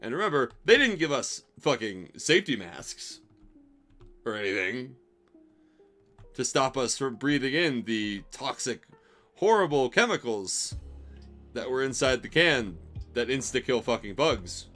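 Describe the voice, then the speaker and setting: A young man who streams stories rambles through a profanity-laced tale about a bad job, sounding exasperated and wry. His medium-pitched voice is sing-song and sharp, with a measured pace and frequent pauses. Soft music plays behind this casual storytelling.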